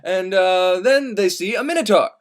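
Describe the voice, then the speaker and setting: A man's voice: high voice, normal speed. A man casually retelling a classic epic as comedy, profane and full of wry asides. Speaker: storyteller. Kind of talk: irreverent comic retelling of a classic.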